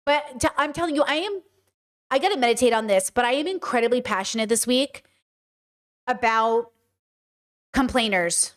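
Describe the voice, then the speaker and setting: Animated, high-voiced woman streamer. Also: normal speed, pauses often. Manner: blunt, animated, swearing, acts out voices. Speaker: streamer hosting a live podcast. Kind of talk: casual live-stream chat.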